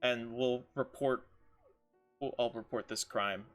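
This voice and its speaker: Bright-voiced joking man at a game table. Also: mid-range voice, steady tone, slow, faint music behind. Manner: joking, laughs often, reads notes aloud. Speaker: player. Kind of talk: casual tabletop game chat.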